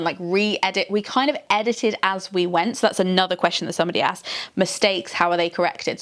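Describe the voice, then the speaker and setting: A woman hosting a casual vlog, talking straight to camera in a slightly low voice. She explains things step by step, chatty and easygoing, with frequent laughs. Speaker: author and video host.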